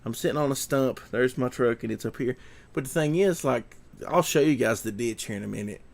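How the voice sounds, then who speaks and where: Young man, gravelly voice, rambling casual storytelling vlog. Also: medium pitch, brisk. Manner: rambling, repeats himself, trails off. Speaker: vlogger.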